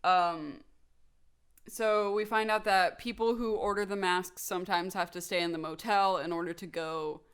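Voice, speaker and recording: Smooth low-voiced woman podcast host. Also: fairly even intonation, normal speed, a bit bright. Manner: chatty, recaps the plot with frequent "like". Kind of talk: casual chat.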